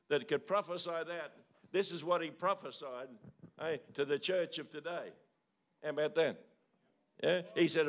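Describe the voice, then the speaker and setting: Older male pastor, slightly high voice, preaching with repeated calls and tag questions. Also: a bit bright. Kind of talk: sermon. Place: church service.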